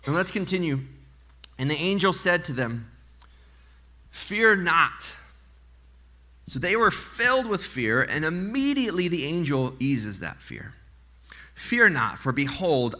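Male pastor, sermon to a congregation, very bright tone, lively swinging pitch, joking asides. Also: takes it slowly, long pauses. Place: church in front of a congregation.

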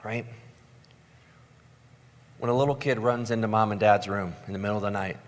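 A man preaching a sermon in a conversational way, with lots of "like" and "right?", sometimes mimicking panicked voices before slowing into calm, soft emphasis. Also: on the low side. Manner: acts out panicked voices, then slows and softens. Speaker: pastor. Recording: long hall reverb with soft guitar music.

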